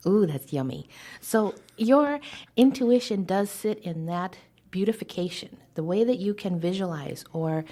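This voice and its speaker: A woman advising as a podcast guest, telling stories with animated acted-out dialogue and dropping to a hushed whisper now and then. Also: medium pitch, normal speed. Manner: animated storyteller who acts out quoted dialogue. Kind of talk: podcast interview storytelling.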